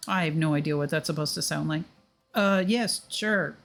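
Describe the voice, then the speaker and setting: A woman's voice: sits low, moderate pace, gravelly, soft background music. A woman streamer chatting casually while playing a game, with hesitant asides. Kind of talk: casual gameplay chat.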